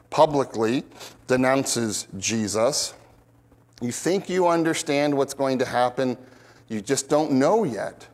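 A man preaching a conversational expository sermon, who acts out quoted lines in bigger voices and often restarts his sentences. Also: big-room sound. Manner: animated, acts out quoted lines with big pitch jumps. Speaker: pastor.

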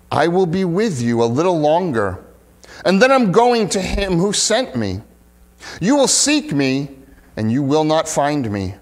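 Male pastor, higher-pitched, very expressive; reads scripture then preaches. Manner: animated, dramatic reading with emphatic rises. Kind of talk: scripture reading and sermon.

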